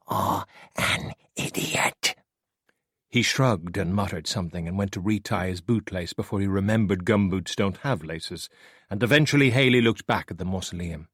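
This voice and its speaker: A man reading an audiobook aloud in a dramatic, expressive storytelling style. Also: low-pitched, breathy edge, no echo, clean studio sound. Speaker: audiobook narrator.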